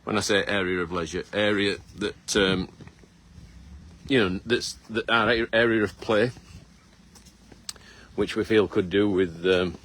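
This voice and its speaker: A man's voice: lowish voice, fairly even intonation, a little slow, pauses often, fairly bright tone. A middle-aged man, hosting a casual live walkabout outdoors on his farm, chatty and teasing with lots of fillers, filmed on a phone. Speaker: farmer and host. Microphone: phone camera held by someone nearby.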